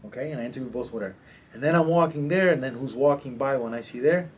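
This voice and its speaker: A man, a coach, casually telling stories as a podcast guest, animated and slangy. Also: medium pitch, fast talker, breathy edge. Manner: animated, slangy, acts out quotes. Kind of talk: casual storytelling in a podcast interview.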